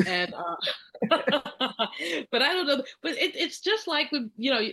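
A woman hosting an interview, emphatic and quick with follow-up questions. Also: high voice, big pitch swings, sharp tone, poor audio. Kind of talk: conversational interview.

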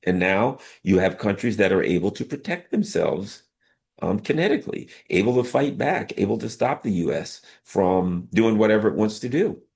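A man's voice: lowish voice, expressive, moderate pace, vocal fry, a little mellow. A man from the United States delivering an emphatic, colloquial political monologue in short repetitive bursts. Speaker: political commentator.

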